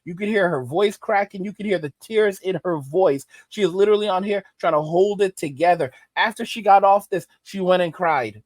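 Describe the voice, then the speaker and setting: High-voiced emphatic man. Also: dry recording. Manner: emphatic, repeats phrases for stress. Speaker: reaction commentator. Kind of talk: reaction commentary.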